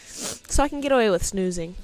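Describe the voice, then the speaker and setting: A young woman chats casually on a live stream as she draws, in a mid-pitched, everyday voice. She is self-mocking and often mutters half to herself while working. Faint music plays behind her. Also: animated, brisk, darkish tone. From New Zealand.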